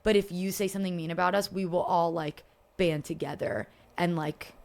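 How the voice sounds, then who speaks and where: A young woman from Philadelphia chatting as a podcast guest, animated, cursing freely and laughing often. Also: fairly low pitch, normal speed. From Philadelphia, USA. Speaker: podcast guest, content creator. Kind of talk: casual chat.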